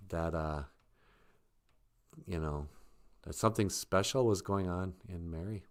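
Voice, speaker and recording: A man's voice: sits low, clean tone. A man casually retelling a story on a live stream, joking and chuckling.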